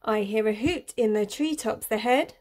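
A woman's voice: a little high, normal speed, a little mellow, lightly acted. Woman doing a big clumsy storybook monster. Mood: gruff.

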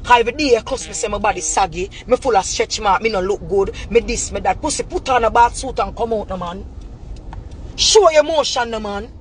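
A woman's voice: fairly high pitch, fairly quick, faint music behind. A woman with a Jamaican Patois accent delivering an angry, profane, repetitive rant straight to camera. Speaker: vlogger.

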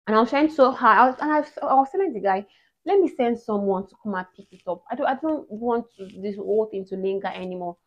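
A young woman from Nigeria, telling a story in a casual vlog. She talks in an animated, emotional way, restarting her sentences often. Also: on the high side, quick pace. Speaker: vlogger. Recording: dull lo-fi audio.

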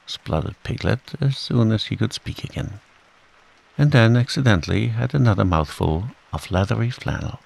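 A man narrating a children's classic as a calm, relaxing bedtime story, with rain falling behind him. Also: on the low side, moderate pace, vocal fry, rough recording. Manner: gentle, relaxing. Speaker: audiobook narrator.

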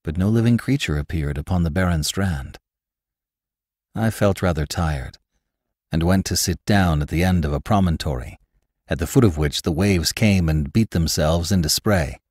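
A man hosting a podcast, reading a classic novel aloud in a measured, expressive way. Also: deep voice, no room sound, clean studio sound. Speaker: host and narrator. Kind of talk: audiobook narration of a classic novel.

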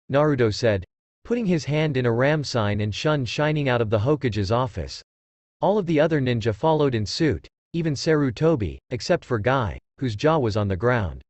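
Male storyteller, lively pitch, dry close recording. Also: moderate pace, no echo. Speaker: narrator. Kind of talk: fan fiction reading.

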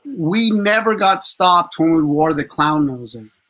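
A man's voice: on the high side, slow. A man in his fifties, a street performer telling profane stories with lots of laughter as a guest. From USA. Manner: animated, profane, laughs often. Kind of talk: casual storytelling interview.

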